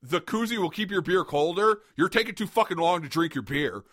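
A man's voice: high voice, expressive, brisk, fairly bright tone. A man hosting a podcast in casual banter, ranting with plenty of swearing and frequent laughter. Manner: profane, ranting, laughs often. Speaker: podcast host.

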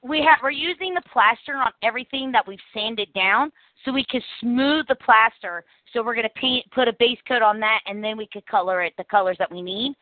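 A woman hosting a casual podcast chat, talkative and animated, laughing often. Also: on the high side, brisk, few pauses, no room sound. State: coughing after swallowing the wrong way. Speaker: podcast host. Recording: dry, phone-like audio.

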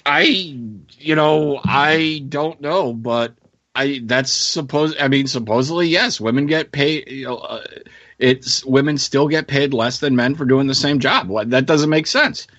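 A man's voice: mid-range voice, a little slow, a bit bright, no room sound, dull audio. A man in casual podcast chat, blunt and swearing, with trailing fillers. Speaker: podcast co-host.

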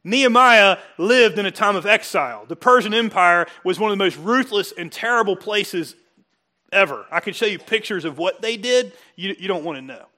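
A man preaching a sermon, animated and joking, building to excited emphasis. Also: sits high, moderate pace. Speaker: pastor.

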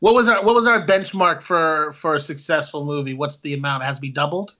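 A man's voice: on the high side, fairly quick, sharp tone. A man co-hosting a podcast, giving blunt, profane movie opinions in casual banter and laughing often. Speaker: podcast co-host. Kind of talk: casual film-review banter. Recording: dull lo-fi podcast audio.

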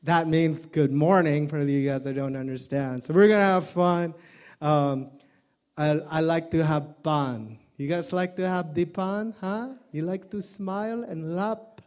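A man's voice: fairly high pitch, unhurried. A man, a guest pastor opening his sermon with jokes and playful put-on voices. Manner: joking, playful, does voices and accents.

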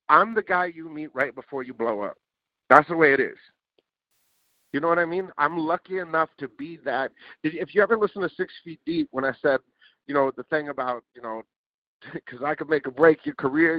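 Casting: male podcast guest, lively storyteller, swears freely, acts out dialogue; muffled, dry recording. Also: on the high side, normal speed, dry recording. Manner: animated, swears, acts out quotes. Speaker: interview guest, music producer. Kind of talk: casual storytelling. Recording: dull lo-fi dry sound.

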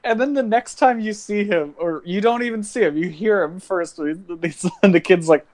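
A man's voice: sits high, normal speed, few pauses, darkish tone. A man co-hosting a podcast, talking enthusiastically and with casual swearing. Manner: enthusiastic, profane. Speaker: podcast co-host. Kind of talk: casual chat.

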